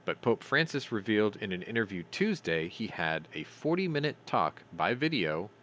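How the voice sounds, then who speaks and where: A man's voice: fairly low pitch, very animated, moderate pace, fairly bright tone, slight background noise. A man hosting a news commentary stream, reading articles aloud and adding sarcastic, profane remarks, stumbling over names.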